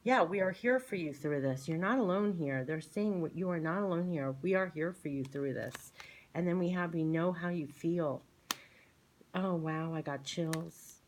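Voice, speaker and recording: A woman's voice: fairly low pitch, moderate pace, a little hiss or hum, low-quality recording. A woman reading oracle cards in a soothing, gushing way, often repeating her phrases. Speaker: tarot and oracle card reader. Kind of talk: spiritual card reading monologue. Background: shuffling cards.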